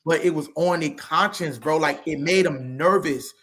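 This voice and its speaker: A man co-hosting a casual sports podcast, talking in an animated, heated and profane way. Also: fairly high pitch, normal speed, slight background noise. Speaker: podcast co-host.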